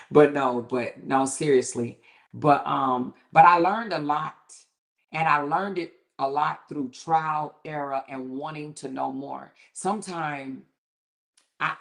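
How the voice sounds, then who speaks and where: A middle-aged woman hosting a livestream, talking candidly and emphatically in casual commentary, with her pitch climbing sharply when she gets indignant. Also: creaky. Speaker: livestream host.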